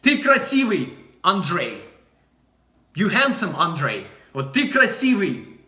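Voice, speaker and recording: A young man from Russia with a Russian accent, giving a casual language lesson and repeating phrases slowly and clearly. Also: high voice, wildly swooping pitch, pushed and bright, echoey room. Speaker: language teacher.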